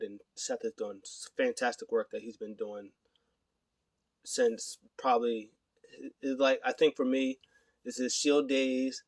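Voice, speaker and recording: Young male reviewer, casual rambly recap, middle pitch, dry close sound. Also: no echo. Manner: animated retelling with put-on quoted voices; rambling, frequent fillers. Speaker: wrestling show reviewer.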